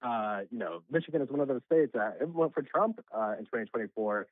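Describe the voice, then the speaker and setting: Fast-talking man on a tinny phone line. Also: medium pitch, expressive, no echo. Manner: brisk, emphatic, frequent fillers. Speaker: political commentator caller. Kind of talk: radio phone-in political commentary.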